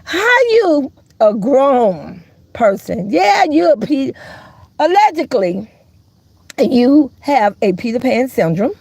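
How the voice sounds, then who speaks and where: A woman's voice: sing-song, slow, gravelly, darkish tone, husky, dry recording. A woman hosting a casual live stream, sassy and teasing, calling listeners baby and honey and laughing often. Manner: laughs often, jumps into high squeals. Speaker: host of a live gossip channel.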